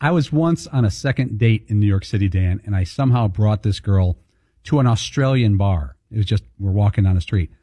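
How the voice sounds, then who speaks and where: A man on a sports radio show trading dry, deadpan jokes and anecdotes. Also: lowish voice, a little fast, no room sound. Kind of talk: casual sports radio banter.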